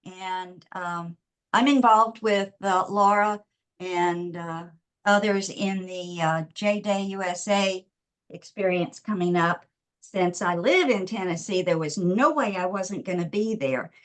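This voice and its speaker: A woman's voice: lowish voice, slow. A woman, slightly out of breath, introducing her web design business in a chatty, rambling way on a video call. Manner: chatty and rambling, with many fillers.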